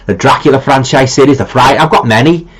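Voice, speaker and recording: A man's voice: mid-range voice, a little fast, fairly bright tone, breathy edge, low-quality recording. A middle-aged man with a Liverpool accent chats easily through a live stream, reading viewer comments aloud. His talk rambles in an informal way, full of ums, repeated starts and colloquial turns of phrase. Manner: rambling and chatty, with many ums and repeated restarts.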